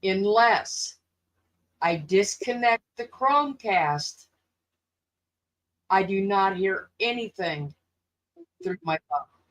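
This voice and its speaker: A woman speaks slowly and patiently in a casual chat, walking someone through a technical fix. Her pitch sits mid-range. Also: lively intonation, a bit bright, poor audio. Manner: explaining patiently.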